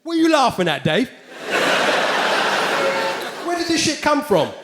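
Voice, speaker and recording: A London-accented English comedian performs stand-up at a large live venue, swearing freely and acting out hecklers in raised voices, animated throughout. His voice is very high and unhurried, and the echoey room is noisy with crowd laughter.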